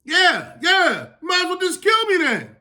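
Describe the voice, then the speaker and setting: A sulking prophet played by a man whines in a strained voice pitched far above his usual range. He sounds fed up and complains without letup, as in a retold scripture story. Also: wildly swooping pitch, a little slow, pushed and bright, exaggerated voice. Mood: exasperated whining. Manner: whiny, complaining.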